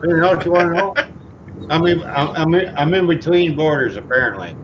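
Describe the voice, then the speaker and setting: A man's voice: on the high side, fairly quick. A man from Canada joking and teasing in a casual live stream chat, with profane banter. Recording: dull lo-fi stream audio with noise.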